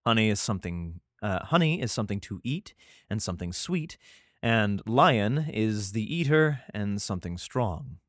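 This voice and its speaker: Animated and speaking at normal speed, a man with a lowish voice hosts a casual Bible reading podcast. He reads aloud, then drifts into profane, exasperated, rambling asides, with clean, dry studio sound.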